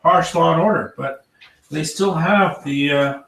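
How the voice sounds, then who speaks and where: A man voicing a proud female dwarf barkeep with a merchant's outlook, in a halting way full of fillers. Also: fairly high pitch, creaky, fairly bright tone. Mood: matter-of-fact. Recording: roomy, distant mic, faint noise.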